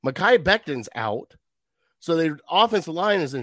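A man ranting in a worked-up, animated way in a casual sports chat. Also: a little high, normal speed, dry recording, studio quality.

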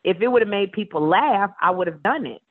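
A woman talk show host, a guest in a casual radio interview, telling stories in a playful, animated way. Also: mid-range voice, brisk. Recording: tinny phone line.

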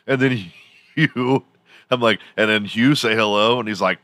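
A man's voice: fairly low pitch, normal speed, a bit bright, no room sound. A man hosting a podcast, telling a rambling story in a casual, profane way and laughing often as he goes. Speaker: podcast host.

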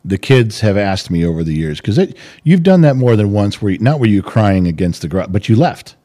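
A man's voice: lowish voice, very animated, brisk, dark tone. A middle-aged man co-hosting a podcast, talking in a heated, ranting way and swearing freely. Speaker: podcast co-host. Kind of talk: casual chat.

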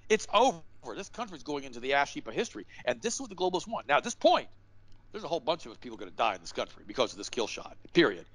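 A man's voice: fairly high pitch, very animated, racing, a bit bright, poor audio. A man speaking as a guest on a show, delivering his points in a fiery, emphatic, preacher-like way with repeated rhetorical questions. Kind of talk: impassioned interview talk.

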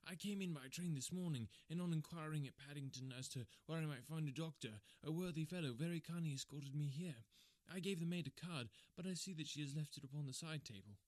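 A shaken young engineer from a storybook speaks eagerly and a little breathlessly, as a man reads him aloud. His voice sits higher than the reader's own and comes across raised. The sound is dry and close. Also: a little fast, a little mellow, no room sound, lightly acted. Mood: urgent. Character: young male engineer, shaken but composed.

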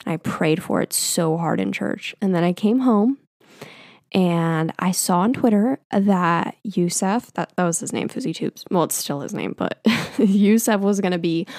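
A woman's voice: fairly low pitch, darkish tone, dry recording, studio quality. A young adult woman telling personal stories in a casual, profane, self-mocking way, full of filler words. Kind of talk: casual storytelling monologue.

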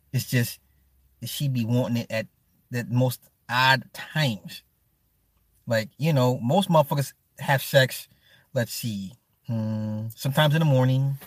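A man hosting a livestream who chats casually with his viewers, animated and profane, laughing often and answering them by name. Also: mid-range voice, dry recording. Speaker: livestream host. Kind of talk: casual stream chat.

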